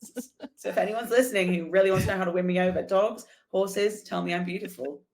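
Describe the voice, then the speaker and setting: A woman guest telling a lively, casual story and acting out the dialogue. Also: medium pitch, fast talker. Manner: animated, acts out dialogue in anecdotes. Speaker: guest, motorcycle traveler.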